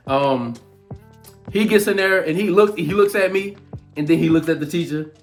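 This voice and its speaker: A man in his twenties telling a childhood story in an animated, slangy vlog style. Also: on the high side, moderate pace, soft background music. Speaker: vlogger.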